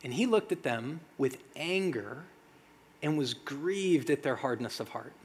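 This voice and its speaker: A man preaching a sermon as pastor, talking conversationally with dramatic pauses and rhetorical questions. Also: mid-range voice, expressive, slight background noise. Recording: long reverb of a large hall.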